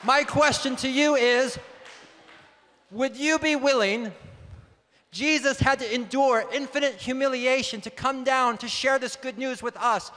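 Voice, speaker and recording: A man's voice: very high voice, a little slow, sharp tone. A man in his thirties giving an earnest, emphatic testimony sermon and calling out to his audience. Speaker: preacher. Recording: long hall reverb.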